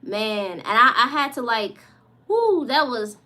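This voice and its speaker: Woman vlogger, high bright voice, rambling emotional casual chat full of restarts. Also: sing-song, a little slow. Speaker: vlogger and singer.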